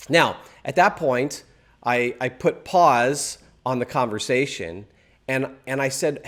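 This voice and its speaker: A man teaching a Christian video course, telling stories with an animated, emphatic delivery. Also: mid-range voice, slow pace. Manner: animated storytelling with emphatic stresses.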